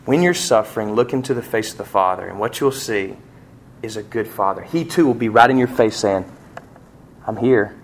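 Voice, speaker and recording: A man preaching a sermon as a pastor, telling a personal story with passion and swinging between hushed and near-shouting delivery. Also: fairly low pitch, lively intonation, fairly quick, a little hiss or hum.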